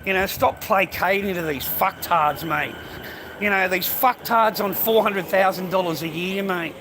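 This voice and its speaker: Aussie bloke ranting into his phone on the street, swears a lot, says mate every line, fairly high voice, loud traffic behind. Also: measured pace. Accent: Australian. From Australia. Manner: profane, rambling, calls everyone mate and bro. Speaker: vlogger. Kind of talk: ranting monologue to camera while walking. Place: outdoors, walking along a street and path. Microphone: phone held while walking. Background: loud traffic and street noise.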